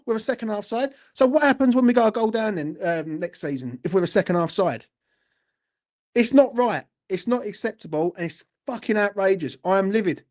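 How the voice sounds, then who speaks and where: A man's voice: sits high, darkish tone. Livid, sweary man ranting. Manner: furious, heavily sweary, keeps asking "do you know what I mean". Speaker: fan channel host. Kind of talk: angry post-match football rant.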